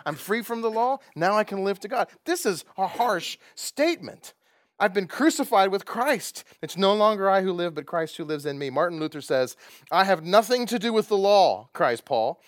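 Animated, lively-pitched male preacher. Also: no echo, clean studio sound. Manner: animated, chuckling, asks the listeners questions. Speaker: pastor. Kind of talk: conversational sermon.

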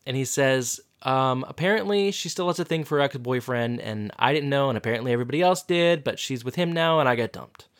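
A man's voice: mid-range voice, brisk, few pauses. A man co-hosting a podcast, casually retelling a TV episode scene by scene with frequent "um" and "uh". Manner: relaxed, hesitant "um" and "uh", retells scenes. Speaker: podcast co-host. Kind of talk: casual chat recapping a TV episode.

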